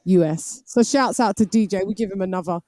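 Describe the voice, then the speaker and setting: Playful female host of a live-stream chat show, giggly and teasing, mid-pitched voice, dry close sound. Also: fairly quick, mellow, dry recording. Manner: playful and giggly, teasing viewers, drops in Spanish phrases.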